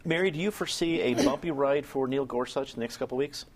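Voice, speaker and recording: A man's voice: mid-range voice, quick pace. A man moderating a political panel, reading news items before posing questions to guests. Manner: reads news items, then poses questions.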